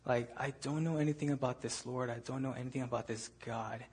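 A man's voice: medium pitch, fairly even intonation, fairly quick, darkish tone, slight background noise, close to an everyday voice. A young man voicing a doubtful male castaway in his story, thinking aloud in a casual, offhand way. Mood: musing.

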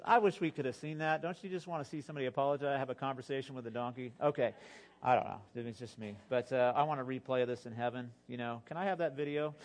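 A male pastor preaching an animated sermon, exhorting the listeners and slipping in jokes and asides. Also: mid-range voice.

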